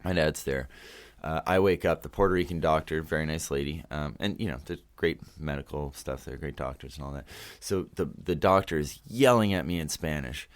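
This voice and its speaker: A man's voice: rumbling low, a little fast. A man from Canada, a podcast guest telling a story casually, rambling and swearing freely with many restarts.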